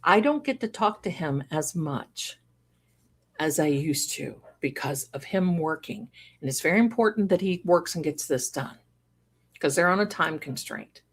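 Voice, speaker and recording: Slow-talking chatty woman hosting a livestream. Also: sits low, animated, husky. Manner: chatty and rambling, breaks into singing and laughter. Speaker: livestream host. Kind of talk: casual live-stream chat with viewers.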